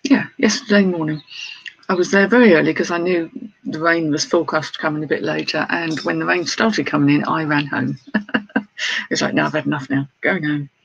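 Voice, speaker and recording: Chatty British man, high and gravelly. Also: fairly even intonation, normal speed, a bit bright, dry recording. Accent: British English. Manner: chatty, self-deprecating, greets live viewers. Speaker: online reseller. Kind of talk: casual vlog chat. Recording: slightly dull lo-fi sound with faint noise.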